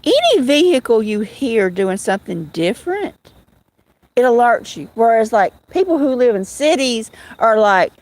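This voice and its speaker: A woman's voice: on the high side, big pitch swings, moderate pace, a little mellow. A middle-aged woman, hosting a casual livestream from her rural home and answering viewers by name. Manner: chatty, drawling, answers chat by name. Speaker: livestream host.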